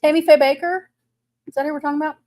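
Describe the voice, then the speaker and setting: Texan lady chatting on a livestream, bit higher voice, laughs a lot, dry close sound. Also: steady tone, racing, darkish tone, no room sound. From Texas. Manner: chatty, laughs often, greets viewers. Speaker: livestream host. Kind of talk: casual live chat.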